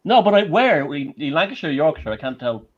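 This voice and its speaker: A man's voice: on the high side, sing-song, a little fast, muffled recording. A man joining a live chat as the guest, stammering and restarting as he talks over a video call. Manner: stammering restarts, laughs while talking. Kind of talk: casual interview.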